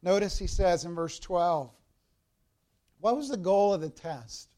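A man's voice: high-pitched, lively intonation, a little slow, warm tone. A man preaching a sermon as a pastor, explaining a Bible passage verse by verse and speaking directly to the congregation.

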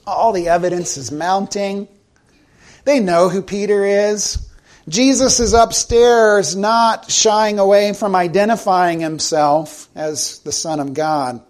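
With a high-pitched, slightly mellow voice, a middle-aged man from South Carolina delivers a sermon as a pastor. He tells it conversationally, like a story, and slows down to emphasize points.

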